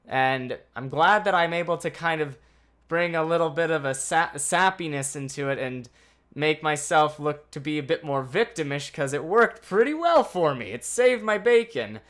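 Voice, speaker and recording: Male vlogger, animated anxious storyteller with crude language, bright tone. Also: a little high, normal speed. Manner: animated, swearing, anxious retelling. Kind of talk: casual storytime vlog.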